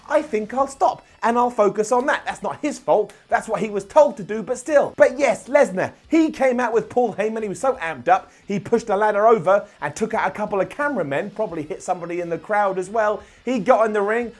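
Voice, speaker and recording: Animated, high-pitched sarcastic man. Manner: sarcastic, animated, jokey asides. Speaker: wrestling show reviewer. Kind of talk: opinionated recap commentary. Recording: light background music.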